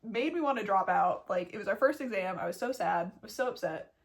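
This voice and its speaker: A woman's voice: medium pitch, animated, brisk. A young woman telling a story as a vet student in a casual vlog, blunt, self-mocking and full of swearing. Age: young adult.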